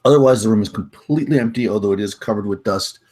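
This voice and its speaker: A man running a tabletop game as game master, describing rooms in a halting way with many fillers. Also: fairly low pitch, darkish tone, breathy edge.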